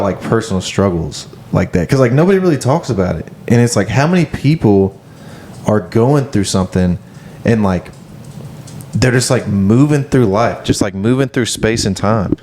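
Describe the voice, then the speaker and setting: A young man co-hosting a podcast in casual chat, halting and reflective, full of fillers. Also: fairly low pitch, animated, a little mellow, slight background noise. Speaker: podcast co-host.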